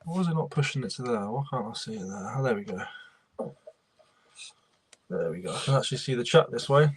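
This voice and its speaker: A man's voice: mid-range voice, animated, brisk, husky. A young man, casually chatting and greeting viewers by name while he works on a livestream. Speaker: reseller livestream host.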